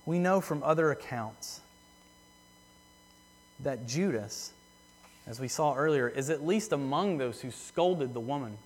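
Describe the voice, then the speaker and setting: Earnest preacher in a reverberant church. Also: male voice, medium pitch, expressive. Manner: earnest, repeats phrases for emphasis, slows on key words. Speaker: pastor. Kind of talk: sermon. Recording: long hall reverb.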